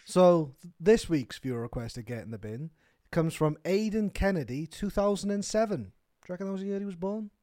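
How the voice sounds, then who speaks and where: A man's voice: high voice, expressive, fairly quick, hardly any pauses, mellow, no room sound, studio quality. A man in his twenties co-hosting a podcast, chatting casually, laughing often and joking at his own expense. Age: 20s. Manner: laughs often, rambling and self-mocking. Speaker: podcast co-host.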